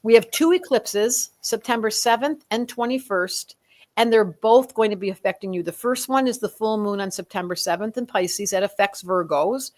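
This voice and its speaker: A woman astrologer giving a conversational yearly reading, lively and acting out the signs in little quoted voices. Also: mid-range voice, moderate pace.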